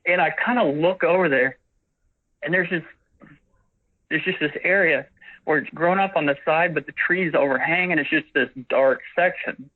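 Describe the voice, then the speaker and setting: A man's voice: fairly high pitch, normal speed, long pauses. A man in his forties, a witness on a phone interview, telling his story in a rambling way and acting out what was said. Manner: rambling, acts out quoted dialogue. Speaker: witness caller. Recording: tinny phone line.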